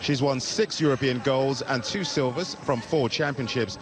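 A man's voice: medium pitch, normal speed, a crowd in the background. A man reporting live from outside an athletics stadium, setting the scene in an upbeat tone. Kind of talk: live outdoor news report. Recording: outdoor noise behind the voice.

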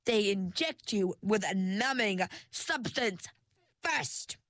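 A woman voicing a malevolent female villain mermaid who speaks with slow, drawn-out, mock-sweet menace in a storybook reading. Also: medium pitch, animated, a bit bright, no room sound. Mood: gloating.

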